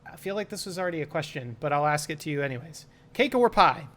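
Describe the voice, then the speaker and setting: A young man with a bright, slightly high voice runs a lightning round of questions. He talks in a playful, laughing way. The talk is a casual chat between friends. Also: lively intonation, fast talker. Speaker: podcast co-host.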